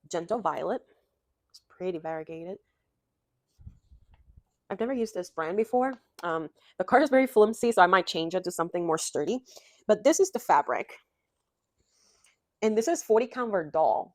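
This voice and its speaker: Speaking from her home craft room, a young adult woman rambles excitedly about cross stitch in a casual vlog, full of fillers and gushing. Her pitch is fairly low, and the recording has no room sound.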